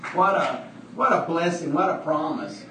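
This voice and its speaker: A male preacher with a high voice delivers a sermon and lets the congregation call back to him. He repeats his phrases as he goes. The recording is roomy and picks him up from some distance away. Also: animated, moderate pace, very noisy. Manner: repetitive, with call-and-response from the congregation. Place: church hall, livestreamed service. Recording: echoey church from far off.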